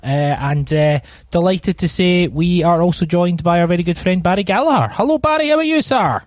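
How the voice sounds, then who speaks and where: A man's voice: sits high, a little fast, no room sound. A man hosting a casual podcast, chatty and rambling with lots of ums and uhs. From Scotland. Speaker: podcast host.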